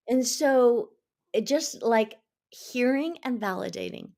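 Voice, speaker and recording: A woman guest speaking as a Montessori educator, earnest and animated, explaining with lively asides. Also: a little high, slow pace, vocal fry. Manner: earnest, animated, acts out children's voices. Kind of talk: conversational interview answers.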